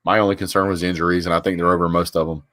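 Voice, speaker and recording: A man's voice: low voice, flat delivery, racing, fairly bright tone, dry recording. A man, a live stream host chatting casually and reacting to viewer comments.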